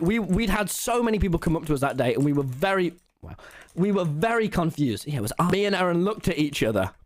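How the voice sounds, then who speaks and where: A teenage boy telling an animated, rambling story to an audience, swearing freely and restarting his sentences. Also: high voice. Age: teens. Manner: excitable, rambling, swears a lot, frequent restarts. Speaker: streamer.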